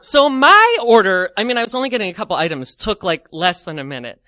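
Bright, animated male storyteller. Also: high voice, quick pace, dry recording. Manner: animated, lots of "like" fillers, self-mocking. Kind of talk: comic personal anecdote.

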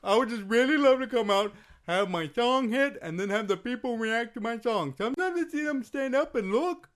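A man doing a deadpan, clueless woman wrestler. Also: very high-pitched, normal speed. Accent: put-on Irish. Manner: deadpan, flat delivery. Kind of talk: comedy podcast sketch.

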